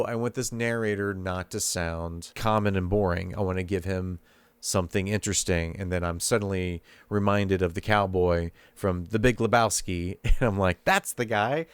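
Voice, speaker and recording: A man's voice: fairly low pitch, clean tone, no room sound. A man hosting a podcast, talking casually and thinking aloud about his fiction writing. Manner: relaxed, thinking aloud, easygoing. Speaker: podcast host and fiction writer.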